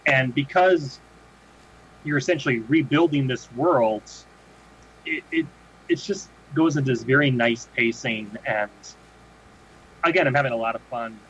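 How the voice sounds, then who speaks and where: A man's voice: mid-range voice, fairly bright tone. A man co-hosts a podcast in a loose, rambling way, circling back to restart his sentences. His voice comes through a dull, lo-fi microphone with faint hiss underneath. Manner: rambling, many restarts and fillers. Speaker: podcast co-host. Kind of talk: casual chat. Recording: dull lo-fi sound with faint noise.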